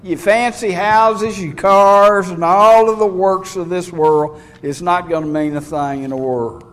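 A man preaching a sermon in a folksy way, reading scripture and building to fervent, loud passages. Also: high voice, fairly even intonation, measured pace. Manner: folksy, rising to fervent shouts when preaching.

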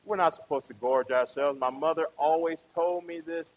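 A man's voice: a little high, moderate pace, few pauses, low-quality recording. A man preaching a conversational sermon, often asking the congregation questions and tagging them with "right?".

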